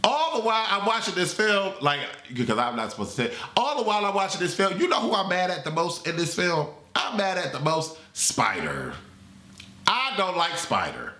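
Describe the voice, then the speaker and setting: A man giving a comedic movie review in a dramatic, sassy, animated way. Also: high-pitched, normal speed. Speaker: movie critic. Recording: roomy echo.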